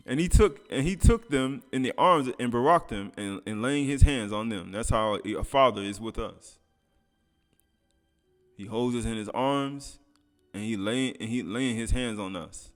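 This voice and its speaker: A man preaching, alternating between read scripture verses and loose, conversational commentary. His voice sits at an ordinary middle pitch, with soft music playing faintly behind him. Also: moderate pace. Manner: reads scripture aloud then comments in casual speech, laughing. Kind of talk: sermon.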